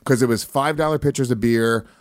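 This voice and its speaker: A man's voice: medium pitch, a little fast, no echo, studio quality. A man hosting a podcast, telling crude rambling stories in casual chat, swearing often. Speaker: podcast host.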